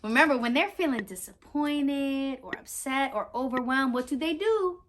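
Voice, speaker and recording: A woman reading a picture book aloud to young children as their teacher, animated and talking straight to her listeners with questions. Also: sits high, moderate pace, a little hiss or hum. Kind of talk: children's read-aloud lesson.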